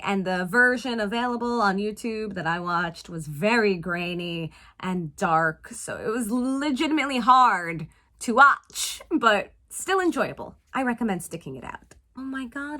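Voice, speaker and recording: Woman reviewer, sassy and animated, with a bright, fairly high voice that swings widely. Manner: sassy, animated, exclaims in disbelief. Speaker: film reviewer. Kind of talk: casual film recap and review.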